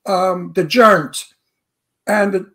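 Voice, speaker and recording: A man's voice: high voice, extremely slow. A man with a thick Brooklyn accent co-hosts a casual radio talk show. He tells his stories bluntly and with animation, swearing freely along the way. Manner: blunt, animated storytelling with profanity. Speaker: co-host.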